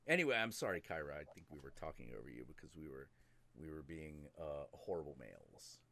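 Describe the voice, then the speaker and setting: A man's voice: extremely low pitch, a little fast, gravelly, no room sound. A man hosting a live stream, chatting casually, swearing freely and slipping into mock voices. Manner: animated, profane, does mock voices. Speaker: host.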